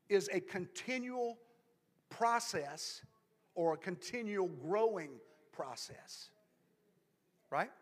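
A man preaching a sermon in church, repeating himself as he builds from soft talk to loud, fervent preaching and back down. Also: high voice. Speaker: pastor. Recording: long hall reverb.

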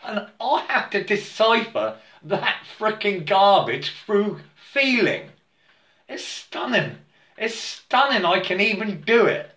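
Slow, halting man in an echoey room. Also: sits high, lively intonation, pushed and bright. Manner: halting and repetitive, stammers and keeps asking "yeah?". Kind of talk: rambling spiritual monologue. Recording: roomy echo.

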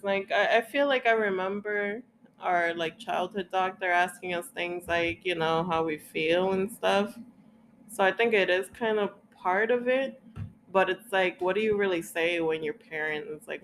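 A young woman talking casually with a co-host. She rants with plenty of swearing and slips into quick impressions of other people. A faint hiss sits under the recording. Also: fairly low pitch. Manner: profane, ranting, acts out quoted voices. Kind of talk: casual chat.

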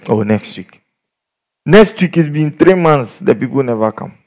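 Male preacher, storytelling sermon, swooping lively delivery, mid-pitched. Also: unhurried. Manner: animated storytelling, acts out quoted people.

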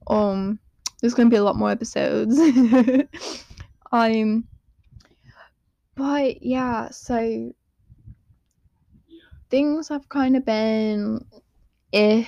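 A teenage girl hosting her own podcast in a quiet room at home, rambling and giggling at herself. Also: a little high, steady tone, slow pace, creaky, pauses often, no room sound, lo-fi sound. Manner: rambling, giggly, self-deprecating. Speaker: podcast host. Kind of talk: casual solo podcast chat.

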